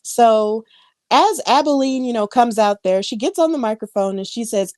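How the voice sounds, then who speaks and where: A woman's voice: a little high, moderate pace, darkish tone, no echo, studio quality. A woman co-hosting a podcast, recapping wrestling in a chatty way with lots of fillers and asides. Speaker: podcast co-host. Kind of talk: casual wrestling recap chat.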